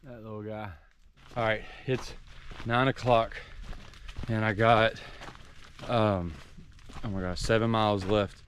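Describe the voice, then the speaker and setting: A low-voiced man with a Southern American drawl talks to his handheld camera as he hikes a forest trail. He is chatty and worn out, sore from many miles. A faint outdoor hiss sits under his voice. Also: flat delivery, takes it slowly, long pauses. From southern United States. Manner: chatty, talking to the camera while hiking. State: tired and sore from a long hike. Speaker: hiking vlogger. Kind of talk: casual vlog narration on the trail.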